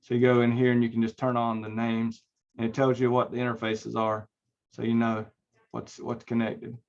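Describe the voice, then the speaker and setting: A man's voice: mid-range voice, completely flat delivery, normal speed, dull audio. A man teaching a recorded online networking class, talking casually with many fillers and restarts. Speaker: networking instructor. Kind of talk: recorded online class lecture with screen share.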